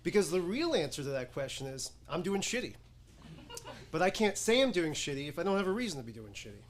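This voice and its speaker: A man's voice: on the high side, very animated, fast talker, slight background noise. An actor performing a stage comedy monologue as a weary, sardonic man telling about his day in a dry way. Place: acting studio stage before an audience.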